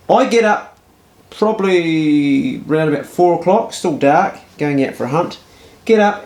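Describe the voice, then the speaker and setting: A man in his fifties with a New Zealand accent, telling a casual anecdote in a blunt, exasperated way. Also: on the high side. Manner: blunt, exasperated, swears freely. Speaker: storyteller.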